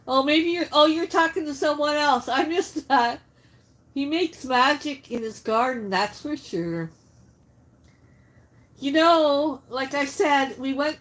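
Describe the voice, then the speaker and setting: High-voiced woman chatting on a livestream. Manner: chatty, reads viewer comments aloud and answers them. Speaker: livestream host. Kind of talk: casual live-stream chat while cooking.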